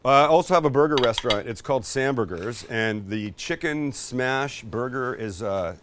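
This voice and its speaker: A man's voice: medium pitch, expressive, normal speed, far from the mic, noisy background. A man hosting a live cooking demonstration, chatty and jokey, poking fun at himself. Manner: jokey, chatty, self-deprecating. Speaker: cooking show host.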